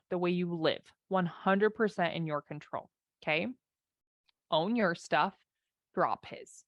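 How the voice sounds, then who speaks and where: A woman life and marriage coach giving an animated, conversational talk, acting out inner voices as she goes. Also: fairly low pitch, no room sound.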